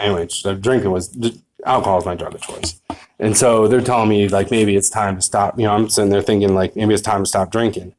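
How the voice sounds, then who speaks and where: Rambling middle-aged man, low voice. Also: steady tone, fast, a little mellow, slight background noise. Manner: rambling, full of "you know what I mean"; candid, self-mocking with laughs. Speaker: speaker at a recovery meeting. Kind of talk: personal recovery testimony.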